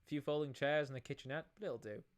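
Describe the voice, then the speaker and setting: A man's voice: a little high, fast talker. A young man co-hosting a game stream, chatting casually and reading the game's lines aloud in a laid-back, giggly way.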